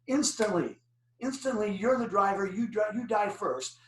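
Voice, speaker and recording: An older man with a fairly high voice gives a driver safety talk. He tells animated stories and quizzes his audience. He sits some way from the mic, and the room echoes. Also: normal speed, recorded from a distance. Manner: animated storytelling with questions to the audience. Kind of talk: presentation to an online audience.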